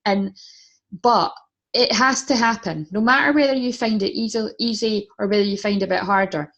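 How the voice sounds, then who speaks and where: A woman's voice: medium pitch, moderate pace, a bit bright, muffled recording. A woman giving a casual tarot reading, chatty, swearing freely and laughing often. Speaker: tarot reader.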